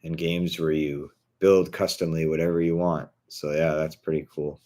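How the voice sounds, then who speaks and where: Man, very low voice, casual vlog rant, blunt, swearing. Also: flat delivery, normal speed, a little mellow. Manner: indignant, blunt, swears freely.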